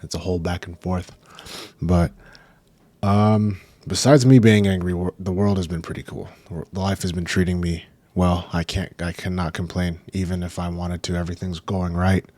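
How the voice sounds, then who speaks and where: A man's voice: sits low, level tone, normal speed, a little mellow, no room sound. A young man hosting his own podcast, rambling and profane in a laid-back, casual way. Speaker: podcast host. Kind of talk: casual solo podcast chat. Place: home recording room.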